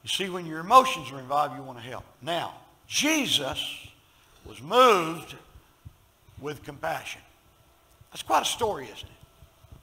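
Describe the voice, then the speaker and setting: A man with a Southern US accent preaching a sermon as pastor, swinging from loud emphasis to hushed storytelling and calling on the congregation to respond. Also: on the high side, big pitch swings, measured pace, pauses often, low-quality recording.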